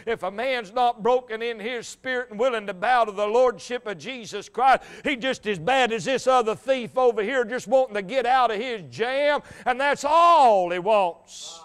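A male evangelist preaching a fervent revival sermon, building to shouts and quoting old scripture. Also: very high voice, moderate pace, hardly any pauses, smooth. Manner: impassioned, rising to shouts, quotes old scripture.

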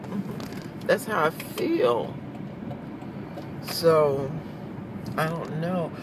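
Woman vlogger, chatty and rambling, recorded on a phone in a car with clear road noise behind. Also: low voice, animated, drawn-out words. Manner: rambling, chatty, laughs often. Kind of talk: casual chat. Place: in a car in traffic.

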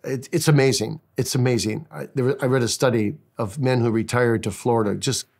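A man's voice: mid-range voice, steady tone, brisk, a little mellow. A man who is a pastor and interview guest, answering in an earnest preaching style with stories and frequent restarts.

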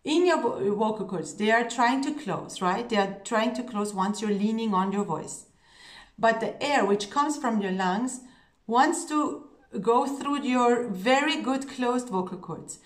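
A woman's voice: a little high, expressive, a little slow. Woman coaching singers in an echoey room. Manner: earnest, coaching, checks in with "okay?" and "yeah?". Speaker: singing teacher. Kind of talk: voice lesson.

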